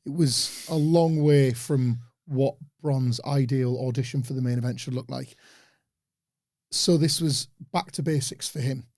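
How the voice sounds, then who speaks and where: A man co-hosting a podcast, giving relaxed, opinionated analysis of a wrestling show. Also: medium pitch, unhurried, no room sound, studio quality. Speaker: podcast co-host.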